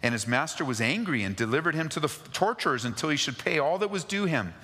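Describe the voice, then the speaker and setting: A man preaching a sermon, reading scripture aloud and speaking directly to the congregation, moving from raised, urgent pleas to low, quiet asides. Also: lively intonation, fast talker. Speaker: pastor. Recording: long hall reverb.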